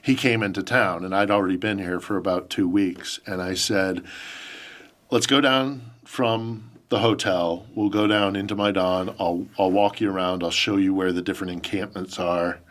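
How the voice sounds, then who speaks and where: A man's voice: sits low, steady tone, normal speed, a bit bright. A man recalling a personal story in conversation, emotional and reflective as he talks. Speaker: podcast host being interviewed.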